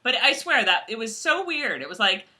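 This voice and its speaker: A woman co-hosting a casual show recap, animated and laughing often. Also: a little high, normal speed. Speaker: podcast co-host.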